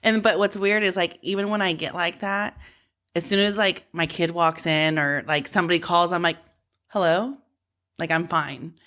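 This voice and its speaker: A woman's voice: fairly low pitch, fairly even intonation, normal speed, a bit bright. A woman co-hosting a podcast from home, musing reflectively about life in a casual chat. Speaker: podcast co-host.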